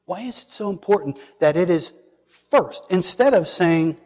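A man preaching a sermon, asking the congregation questions and dropping to a hushed whisper for emphasis. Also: on the high side, animated, unhurried, in a large hall, muffled recording. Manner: dramatic, drops to a hushed whisper for emphasis, asks the audience questions.

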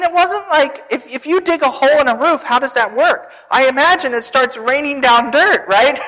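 Preacher, sermon, high voice, storytelling with rhetorical questions, long hall reverb, dull sound. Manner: animated storytelling, rhetorical questions, joking asides.

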